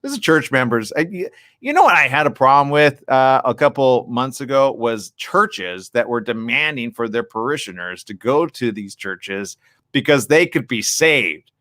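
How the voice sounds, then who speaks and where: Short on sleep, a man hosts a live morning show, ranting bluntly and sarcastically in casual live-stream commentary. His mid-range voice swings widely in pitch at normal speed, with a fairly bright tone. The recording is dry and studio quality.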